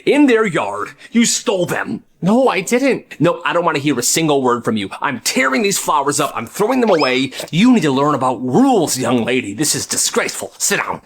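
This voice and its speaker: A man's voice: a little high, sing-song, fairly quick, hardly any pauses. Man doing a harsh female teacher. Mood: harsh scolding. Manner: harsh, stern, snapping. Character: scolding strict female grade-school teacher.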